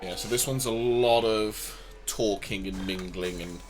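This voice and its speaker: A man's voice: on the low side, a little slow, music in the background. A man chatting casually and joking while he plays and explains a game on stream. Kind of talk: casual gameplay commentary.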